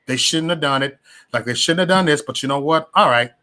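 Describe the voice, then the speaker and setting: A man talking casually about politics and faith, animated and preachy, with many restarts and slangy asides. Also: fairly high pitch, a little fast. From West Side of Chicago. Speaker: political commentator. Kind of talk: casual opinion vlog.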